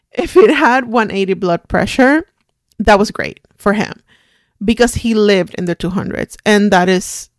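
A woman in her forties, hosting a podcast, telling a personal story in a somber, reflective and halting way. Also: mid-range voice, no echo, clean studio sound. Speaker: podcast host.

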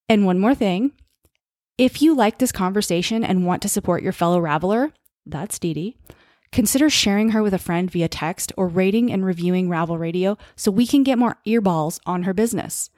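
A woman's voice: mid-range voice, darkish tone, no echo, studio quality. A woman hosting a podcast, reading an upbeat scripted intro and then chatting loosely with her guest. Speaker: podcast host.

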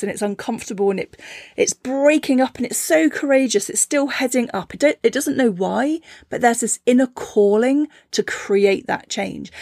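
A woman hosting a reflective teaching talk, gentle and encouraging, with a playful storytelling manner. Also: mid-range voice, dry recording, studio quality. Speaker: podcast host and spiritual teacher.

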